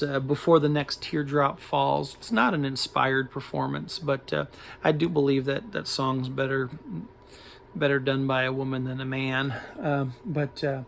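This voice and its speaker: A man's voice: medium pitch, vocal fry, fairly bright tone, a little hiss or hum. A man talking casually through a record haul, hesitant and full of ums and uhs, keen on odd finds. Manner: enthusiastic about odd records. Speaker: record collector showing a haul.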